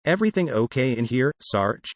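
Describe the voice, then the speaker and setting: A man's voice: medium pitch, sing-song, moderate pace, no echo. Brief: blunt, tough young cop, done by a male narrator, dry close sound. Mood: gruff. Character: young male police officer, gruff and protective.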